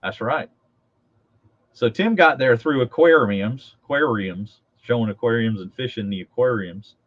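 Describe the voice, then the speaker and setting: A man's voice: medium pitch, a little slow, no echo. An American man co-hosting a livestream, joking and teasing in casual banter over a video call. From United States. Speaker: co-host. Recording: lo-fi audio.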